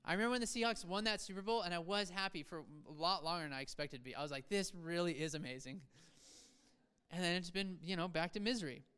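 Conversational pastor with a smooth voice. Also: male voice, high-pitched. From Seattle area, USA. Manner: conversational preaching, self-deprecating asides, quick swings from soft to emphatic. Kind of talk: sermon. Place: church sanctuary.

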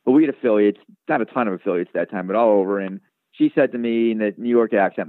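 Fast-talking man on a tinny line. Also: on the low side, no room sound. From Chicago area. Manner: rambling, lots of fillers and restarts. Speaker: guest, sports radio producer. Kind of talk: storytelling in a casual interview.

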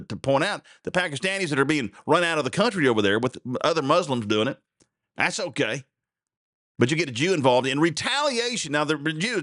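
A man's voice: mid-range voice, a bit bright, no room sound, clean studio sound. A man hosting a podcast, reacting to a clip in rambling, fired-up casual commentary. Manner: rambling, fired-up, full of fillers. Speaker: podcast host.

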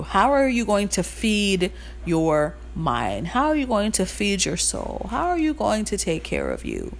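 A woman hosts a motivational podcast in an animated voice that swoops up and down. She talks in a casual, sassy way, leaning hard on her points and repeating them for emphasis. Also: medium pitch, slight background noise. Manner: emphatic, preachy, repeats her points and calls listeners "queens"; casual and sassy, with slang and mild swearing. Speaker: podcast host.

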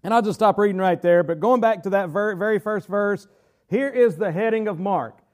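A man with a high-pitched voice teaches a Bible study in an earnest, preaching style. He reads scripture with measured weight and drags out key phrases for emphasis. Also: a little mellow. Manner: earnest, slows down hard to stress key phrases.

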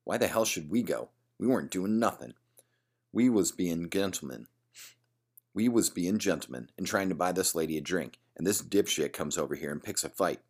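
A man's voice: sits low, expressive, normal speed. A man doing a crude, sneering bar bully. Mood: taunting. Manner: taunting, sneering.

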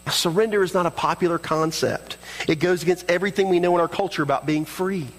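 Quick-paced, this male voice comes across with big-room sound and low recording quality. He's a pastor delivering an earnest sermon, acting out prayers and dialogue himself in varying pitch.

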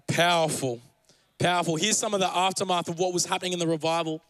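A man's voice: high-pitched, steady tone, racing, a bit bright, no echo, rough recording. A young man preaching a sermon as pastor, earnest and building to fervent urgency.

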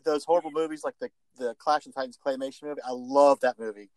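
A man co-hosting a podcast in casual chat, enthusiastic and quick to laugh. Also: medium pitch, fairly even intonation, a little mellow, no echo.

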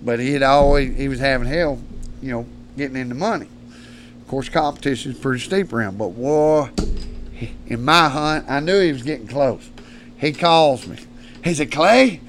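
A male guest who hunts predators tells long hunting stories in a casual chat, rambling, salty, profane and colloquial. His mid-range voice moves at a moderate pace, with a little hiss or hum in the recording.

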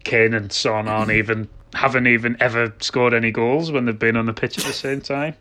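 A man's voice: mid-range voice, fairly even intonation, brisk, sharp tone. A man with a mid-range voice trades dry, sardonic remarks about football. He co-hosts a casual podcast and swears offhandedly in a laid-back chat. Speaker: podcast co-host.

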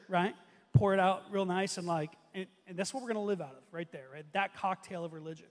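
High-voiced pastor preaching in a reverberant church. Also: male voice, fairly even intonation, quick pace. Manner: conversational storytelling with many restarts and fillers. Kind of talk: sermon. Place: church stage. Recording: long hall reverb.

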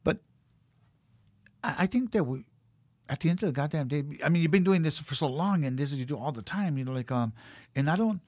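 A man's voice: on the high side, lively intonation, brisk, long pauses, darkish tone, no room sound, studio quality. A middle-aged man in casual chat, blunt and profane, rambling through stories. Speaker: podcast guest, cutman.

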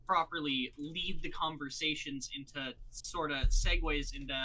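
Male podcast guest, bright tone, casual and jokey, quick to laugh. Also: fairly high pitch, rough recording. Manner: chatty, jokey, laughs easily. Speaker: podcast guest, channel co-host. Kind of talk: casual chat.

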